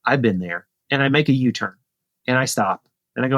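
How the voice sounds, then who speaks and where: A man in his forties tells a story as a podcast guest in a lively, casual way. He acts out the dialogue by pushing his voice up high, then drops back to a mid-pitched telling voice. The sound is close and dry, with no room around it. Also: brisk, no echo, muffled recording. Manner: animated, acts out dialogue in a raised voice. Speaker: podcast guest, retired pro cyclist.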